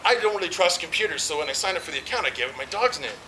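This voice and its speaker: A man's voice: on the high side, lively intonation, rapid-fire, natural voice. A man playing an exasperated caller who is angry with customer service, at a backyard barbecue. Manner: blunt, exasperated. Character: angry, fed-up middle-aged male caller. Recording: noisy outdoor party recording.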